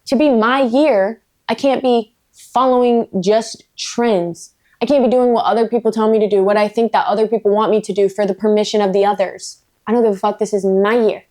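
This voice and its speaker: A woman's voice: medium pitch, fairly even intonation, brisk, warm tone. Blunt, swearing woman book vlogger. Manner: blunt, emphatic, swears freely; playful, self-mocking asides. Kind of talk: casual vlog rant.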